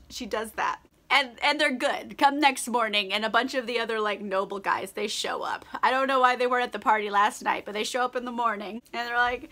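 A bright-voiced young woman talks fast and loose, a little tipsy from wine, laughing between lines. She recaps a story in casual chat, stuffing her sentences with "like" and putting on quick silly voices for the characters. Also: fairly high pitch. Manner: chatty, giggly, lots of likes, mock-voices characters. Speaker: book vlogger.

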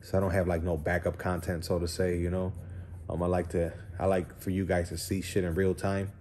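Laid-back deep-voiced man vlogging. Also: flat delivery, a little fast, a little mellow, slight background noise. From Puerto Rican heritage. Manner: laid-back, rambling, curses, many fillers like "you know". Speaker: vlogger at a wheel and tire shop. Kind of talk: casual vlog walkthrough. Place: tire and wheel shop.

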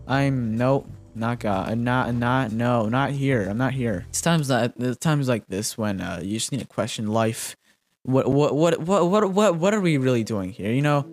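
A young man giving frantic, jokey commentary while playing a game, repeating himself and yelping when he gets startled. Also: medium pitch. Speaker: gaming commentator. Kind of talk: casual gameplay commentary.

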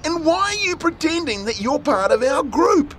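A man voicing an anxious young boy who counts out loud and gets alarmed. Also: very high voice, sing-song, normal speed, slight background noise, voice pushed up, exaggerated voice.

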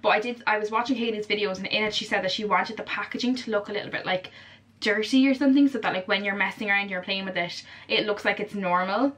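A young Irish woman in her twenties vlogging in a chatty, gushing way, full of fillers and excited exclamations. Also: mid-range voice, fast. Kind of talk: casual vlog chat.

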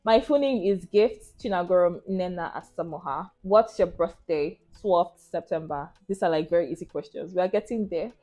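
A woman's voice: on the low side, moderate pace, hardly any pauses, mellow. Chatty young Nigerian woman vlogger. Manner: chatty and laughing, talking to viewers. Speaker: YouTuber. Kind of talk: casual Q&A vlog.

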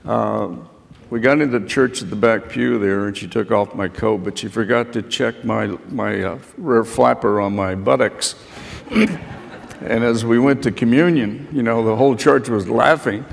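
A man's voice: mid-range voice, moderate pace, creaky. An older man on a panel telling childhood stories to students in a folksy, rambling way. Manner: folksy, rambling anecdotes with frequent fillers. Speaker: panelist, Medal of Honor recipient. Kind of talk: storytelling to students. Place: auditorium panel. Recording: echoey hall sound.

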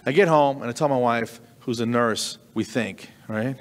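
A middle-aged man performing stand-up comedy, telling a story with animated delivery and sudden high squeaks of disbelief. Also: moderate pace, a little hiss or hum. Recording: long reverberant hall.

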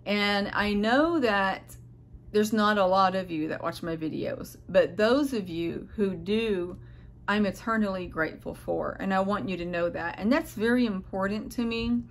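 A woman's voice: mid-range voice, measured pace, a little hiss or hum. A tired, unwell middle-aged woman speaking to her viewers in a rambling, hesitant, heartfelt vlog monologue, often searching for words. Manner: earnest, heartfelt address to viewers. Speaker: vlogger. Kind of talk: casual personal vlog monologue.

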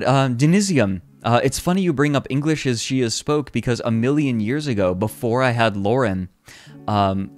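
An American man chatting casually on a livestream, playful and quick to laugh. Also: mid-range voice. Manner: laughs a lot, playful, lively. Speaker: streamer.

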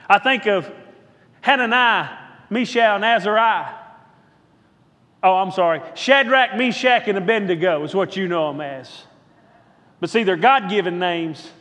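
Brief male pastor, higher-pitched voice, rhythmic call-and-response preaching, long church reverb. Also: a bit bright. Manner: rhythmic repetition, calls out to the congregation for response. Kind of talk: sermon. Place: church sanctuary.

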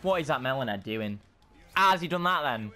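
Excitable young man gaming. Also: mid-range voice, fairly quick. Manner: excitable, frustrated outbursts and self-mocking asides. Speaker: gaming channel host. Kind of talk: casual gameplay commentary.

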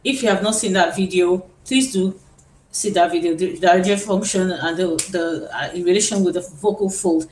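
A woman's voice: lowish voice, normal speed, darkish tone. Roomy-sounding woman voice teacher. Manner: explanatory, repeats words while thinking. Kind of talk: live-stream singing lesson. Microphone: phone. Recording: roomy phone live stream with faint hiss.

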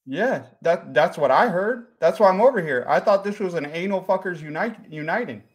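A man voicing a clueless, crude visitor from Jacksonville with a put-on Jacksonville drawl and a halting, naive delivery. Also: high-pitched, animated. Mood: naive, earnest. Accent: put-on Jacksonville, Florida.

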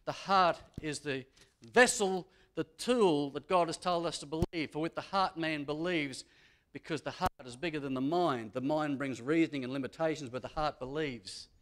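A man's voice: a little high, moderate pace, a bit bright. A man preaching a sermon as a pastor. He builds emphasis and repeats his key phrases. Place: church.

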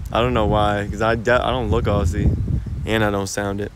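A man's voice: on the low side, flat delivery, fairly quick, background noise. A young American man livestreaming outdoors as he walks, chatting to viewers in a laid-back, slangy way and laughing often, recorded on a phone. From United States. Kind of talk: casual live-stream chat. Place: outdoors in a park-like cemetery.

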